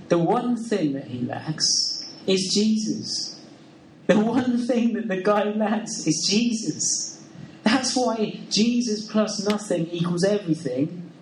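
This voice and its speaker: A man's voice: high-pitched, a little mellow, a little hiss or hum. A man preaching a sermon in an earnest, conversational way, asking the listeners questions. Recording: roomy sound from a distant mic.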